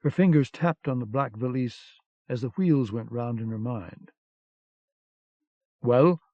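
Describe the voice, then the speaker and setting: A man reading an audiobook in a measured, even narration, recorded on dull lo-fi cassette. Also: medium pitch, no room sound.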